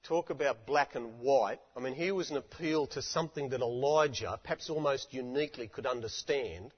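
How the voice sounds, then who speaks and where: A man's voice: mid-range voice, moderate pace, slightly rough. A man delivering an impassioned sermon from a stage microphone, with repeated rhetorical appeals to his listeners. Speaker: preacher. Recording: dull lo-fi recording with long hall reverb.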